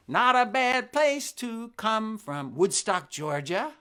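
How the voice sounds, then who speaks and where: A man's voice: a little high, big pitch swings, slow pace, fairly bright tone. A man in his sixties from New Jersey, hosting a live family concert, chatting in a friendly, rambling way and thinking aloud between songs. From New Jersey, USA. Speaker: children's singer and concert host.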